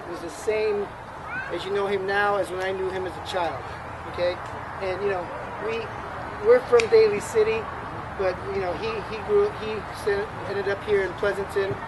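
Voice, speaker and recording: A middle-aged man speaking at a memorial for an old friend, in a halting way with many restarts and fillers. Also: sits high. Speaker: friend giving a eulogy. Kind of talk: memorial tribute speech. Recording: loud outdoor urban background noise.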